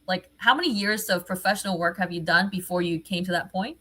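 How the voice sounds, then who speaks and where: A woman hosting an interview, asking questions in an animated way, laughing and repeating phrases. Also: fairly low pitch, a little fast. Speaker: interviewer host. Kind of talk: conversational interview.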